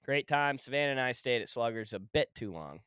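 A man co-hosting a podcast, animated and quick to laugh in casual chat. His voice swings widely with a bright, smooth tone. It is recorded dry and close. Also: mid-range voice, no echo. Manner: animated, laughs easily, swears. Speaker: podcast co-host.

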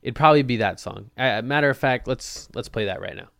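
Young man, podcast host, casual Q&A, jokey, swears, smooth tone, dry close sound. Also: medium pitch, a little fast, fairly bright tone, no room sound. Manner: loose, jokey, swears freely. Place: Portland.

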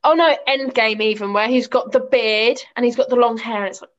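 A woman's voice: a little high, steady tone, fairly quick. A young woman from Britain chatting on a podcast, gushing about crushes and laughing easily. Her speech is loose and full of swearing. The recording sounds a little dull and lo-fi. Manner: giggly, gushing, swears freely. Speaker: podcast co-host. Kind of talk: casual chat.

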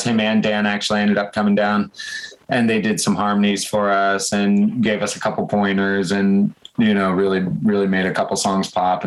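A man, a band member guesting on a show, telling an excited, rambling story with many fillers. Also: on the low side, rough recording. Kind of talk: casual interview chat, storytelling.

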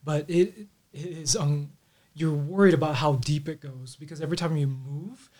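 A man acting as game master, narrating a tabletop game in a relaxed, descriptive way with some fillers. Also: on the high side, normal speed.

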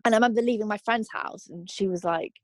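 In a dry recording, a young woman with a mid-range voice talks fast as she tells her own story in an interview. Her personal testimony is candid and reflective, peppered with ums and likes.

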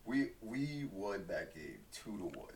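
A man's voice: fairly low pitch, big pitch swings, unhurried. A young man from Brooklyn, a podcast guest, telling stories in a laid-back, laughing way. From Brooklyn, USA. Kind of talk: casual chat. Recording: distant mic with faint hiss.

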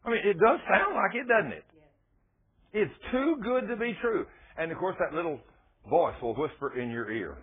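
A husky-voiced man preaches a folksy, emphatic sermon with scripture readings. His voice sounds thin and narrow, like a phone-line radio broadcast. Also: sits high, big pitch swings, moderate pace.

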